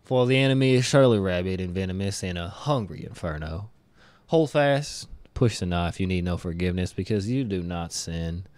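A man reading aloud as a fanatical male preacher in a put-on South Carolina twang, with a slow preaching cadence. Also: sits low, animated, a little mellow, no room sound. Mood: zealous. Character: fanatical male preacher writing a letter, menacing.

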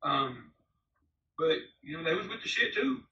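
A man in his forties talks bluntly and rambles through his story, swearing freely in a very bright, forceful voice. He sounds distant and roomy, as if heard over a video call. The sound is a little dull. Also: a little high, very animated, a little slow, slight background noise. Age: 40s. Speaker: interview guest, former prisoner. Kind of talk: candid storytelling interview. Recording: roomy, distant, slightly dull remote audio.

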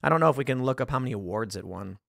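A man's voice: medium pitch, expressive, racing, gravelly, no room sound, clean studio sound. A man hosting a casual talk show, rambling about films while searching online and acting out lines. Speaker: podcast host. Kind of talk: casual commentary.

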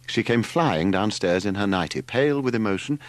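A man narrating an audiobook in an expressive storytelling manner. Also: on the low side, normal speed, dry recording. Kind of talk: scripted narration.

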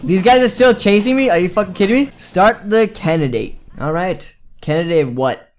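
A young man commenting on a video game as he plays, excitable and joking, with plenty of swearing. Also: sits high, moderate pace, faint music behind. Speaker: gaming video host. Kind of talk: let's play commentary.

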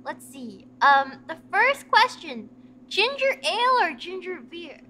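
A high-pitched woman with a bright, sparkling tone and a voice that swoops up and down as she chats. She hosts a casual stream with a friend and giggles her way through her sentences. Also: very animated, slow pace, slight background noise. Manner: giggly, chatty, often laughing mid-sentence. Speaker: streamer host. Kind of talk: casual chat.

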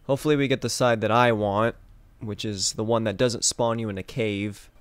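A young man giving casual gameplay commentary, swinging between mumbled asides and excited yelps. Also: lowish voice, moderate pace, a little hiss or hum. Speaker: gaming YouTuber.

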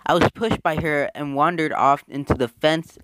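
A young man playing through a story game, reading its text aloud and reacting with excitable, animated outbursts. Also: on the high side, moderate pace, smooth, no room sound, studio quality. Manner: excitable, animated, swings between mumbling and loud outbursts. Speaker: let's-play gamer.

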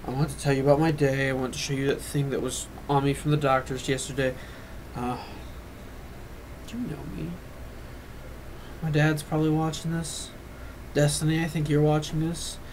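A man's voice: on the high side, little pitch movement, a little fast, a little mellow, slight background noise, poor audio. A teenage boy talking straight to camera in a confessional vlog, rambling and earnest, often restarting his sentences and holding back emotion. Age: teens. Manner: emotional, fighting back tears at times. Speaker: vlogger.

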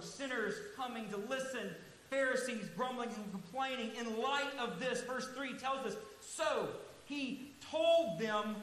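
Male pastor mid-sermon with a very high, forceful voice, earnest and emphatic, recorded in an echoey church hall with faint hiss. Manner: earnest, emphatic preaching that slows to stress key words. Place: large church sanctuary.

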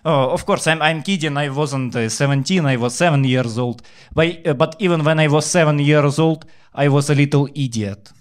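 Deadpan young Ukrainian stand-up comic. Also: male voice, on the high side, clean tone. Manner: deadpan storytelling with filler pauses. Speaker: stand-up comedian. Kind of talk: stand-up routine.

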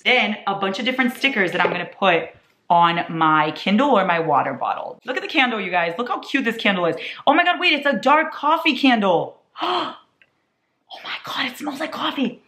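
A young woman in her twenties chatting casually as a vlogger, gushing and excitable, laughing often. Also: fairly low pitch, echoey room. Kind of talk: casual chat.

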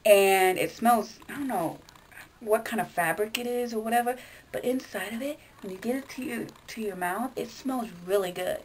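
A woman vlogging to her viewers in a casual, rambling way, blunt and quick to swear. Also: a little high, a little hiss or hum. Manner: chatty, addresses viewers directly. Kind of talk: casual chat to camera.

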